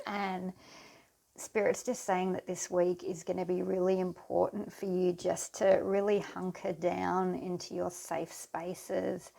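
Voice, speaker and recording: A woman gives her viewers a pick-a-card tarot reading, addressing them directly in an unhurried, soothing manner. Her voice is fairly low, creaky and darkish.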